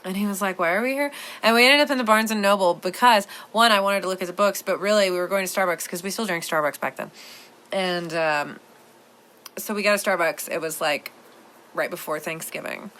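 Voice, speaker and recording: A woman's voice: mid-range voice, steady tone, fairly quick, fairly bright tone. A woman hosting a podcast in casual chat, rambling playfully with lots of "like" fillers. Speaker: podcast host.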